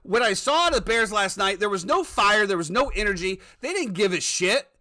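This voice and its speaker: A man's voice: high-pitched, lively intonation, brisk, pushed and bright. A man hosting a casual sports talk podcast, ranting with plenty of profanity. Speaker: podcast host.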